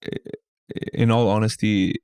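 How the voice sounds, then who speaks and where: A man in his thirties with a Singaporean accent, telling stories as a comedian guest on a casual podcast, lively and quick to mimic voices. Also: fairly low pitch, clean tone, no echo, studio quality. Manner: animated storyteller, slips into mimicry.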